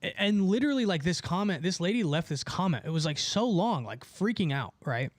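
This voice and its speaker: Brief: man hosting a live stream, animated and rambling, slightly high voice, dry close sound. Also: a little fast, no echo. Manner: animated, rambling, many fillers and restarts. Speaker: host of a live call-in show. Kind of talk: casual livestream rant reading chat.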